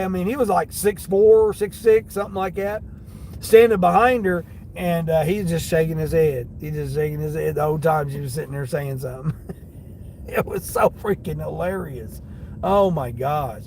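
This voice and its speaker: Laughing storyteller, man, higher-pitched, streaming from a car with clear road noise. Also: poor audio. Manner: laughing, animated retelling with quoted voices. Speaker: delivery driver streamer. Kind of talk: casual livestream storytelling while driving. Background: car and street noise.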